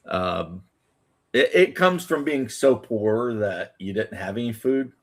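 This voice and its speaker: A man with a fairly low voice who rambles through a relaxed chat. He keeps stopping and restarting his sentences, and he talks on a video call. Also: takes it slowly. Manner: rambling, hesitant, with many fillers. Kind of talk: casual chat.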